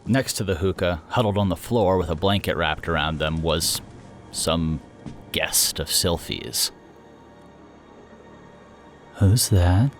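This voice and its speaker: Deep-voiced male audiobook narrator. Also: steady tone, measured pace, a bit bright, soft background music.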